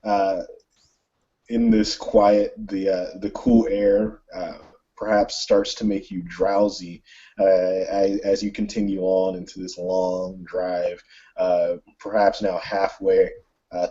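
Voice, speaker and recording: A low-voiced man narrating a tabletop role-playing game as game master. His voice is gravelly and mellow, halting and full of fillers, on a dull lo-fi recording.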